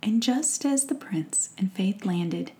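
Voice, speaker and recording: A woman narrating a bedtime story in a hushed, soothing whisper. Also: mid-range voice, expressive, slow.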